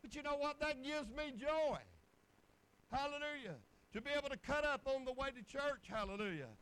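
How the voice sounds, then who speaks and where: High-voiced preacher man. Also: normal speed, a bit bright, rough recording. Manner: folksy storytelling with bursts of exclamation. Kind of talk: sermon testimony.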